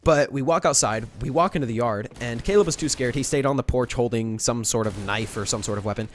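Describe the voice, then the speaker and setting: A young man in a storytime vlog, retelling a prank in a rambling, animated way with many restarts. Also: mid-range voice, a little fast, slight background noise. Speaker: vlogger.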